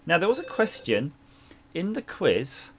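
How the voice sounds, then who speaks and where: His pitch sits fairly high and swoops wildly as he talks a little slowly, chatting with viewers during a retro game stream. The banter is jokey and meandering, set against a noisy background hum.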